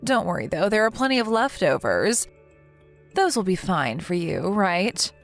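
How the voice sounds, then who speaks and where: A woman's voice: mid-range voice, very animated, a little slow, soft background music. A woman voicing a scheming, cruel older mother-in-law who talks in a syrupy, mocking way, in a text-message story reading.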